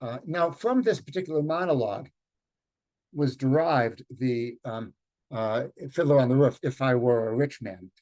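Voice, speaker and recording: Halting man teaching over a video call. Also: mid-range voice, a little mellow. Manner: thoughtful, halting, with many fillers. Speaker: Yiddish teacher leading a group reading. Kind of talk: online lecture and read-aloud.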